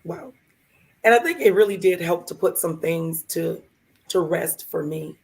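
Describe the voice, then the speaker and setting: A woman co-hosting a live show, telling a heartfelt personal story in a gravelly, hoarse voice and acting out the other people in it. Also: fairly low pitch, unhurried. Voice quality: gravelly, hoarse from vocal cord lesions. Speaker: podcast co-host.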